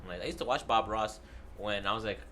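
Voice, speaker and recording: A man co-hosting a casual podcast chat with quick, jokey interjections. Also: lowish voice, a loud crowd. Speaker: podcast co-host.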